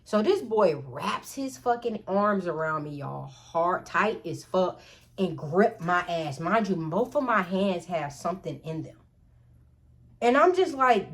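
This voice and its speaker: Woman, storytime vlog, animated and blunt, swooping pitch, addresses viewers. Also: measured pace. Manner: animated, profane, talks straight to viewers. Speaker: storytime vlogger. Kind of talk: casual storytime.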